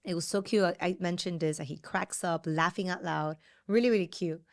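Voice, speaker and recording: A woman's voice: lowish voice, steady tone, brisk, vocal fry. A woman in her thirties co-hosting a casual podcast, chatting and acting out family quotes. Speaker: podcast co-host. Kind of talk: casual chat.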